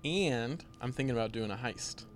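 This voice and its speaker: A man's voice: mid-range voice, normal speed, a little hiss or hum. A man in casual chat as co-host, joking in a dry, easygoing way. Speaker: podcast co-host.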